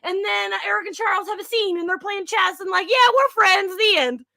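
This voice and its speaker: A woman tears through a comedic movie recap in a breathless, sarcastic play-by-play. Her voice sits very high and sounds bright and sharp. The recording is dry and close, with no room sound. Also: steady tone, brisk, creaky, no room sound. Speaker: podcast co-host.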